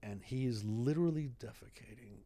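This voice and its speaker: A man's voice: medium pitch, brisk. A man in his fifties, a retired fire captain, telling stories animatedly as a podcast guest. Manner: animated storyteller who acts out dialogue. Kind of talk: casual podcast interview. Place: podcast studio in Idaho.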